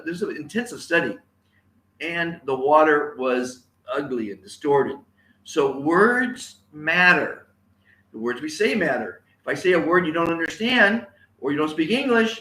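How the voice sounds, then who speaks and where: A man's voice: on the high side, pushed and bright, echoey room. A man giving an enthusiastic live-streamed motivational talk, repeating catchphrases and urging viewers to say them aloud. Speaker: motivational speaker. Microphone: on camera, live stream.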